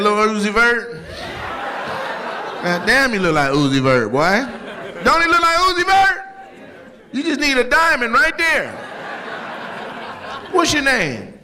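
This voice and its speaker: A male stand-up comic working the crowd in a club, his voice sitting high and swinging wildly up and down. He teases people with an unhurried, drawn-out delivery. The live room carries clear audience noise and laughter around him. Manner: teasing, loud, playful with frequent laughter. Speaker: stand-up comedian doing crowd work. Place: comedy club stage with audience.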